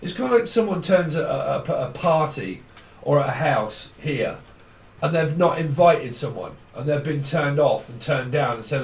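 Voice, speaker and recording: A man's voice: on the high side, animated, moderate pace, vocal fry. Blunt rambling man reading tarot. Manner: rambling, blunt, swears casually. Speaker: tarot reader. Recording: echoey room, mic at a distance.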